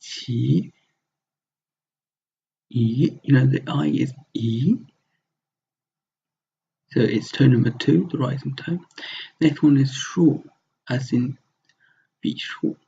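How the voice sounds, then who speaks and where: Man, language teacher, gravelly husky voice, mellow, dull lo-fi recording. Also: medium pitch. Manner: explains step by step, repeats words to model pronunciation. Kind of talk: recorded slide lesson. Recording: dull lo-fi sound.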